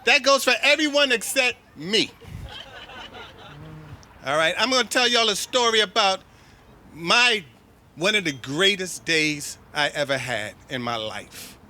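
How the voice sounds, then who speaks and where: Middle-aged new york guy running a memorial, jokey and bossy, high bright voice. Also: unhurried, long pauses, slight background noise. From New York City. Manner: joking, lively, commanding. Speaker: master of ceremonies at a memorial. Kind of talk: hosting a memorial gathering.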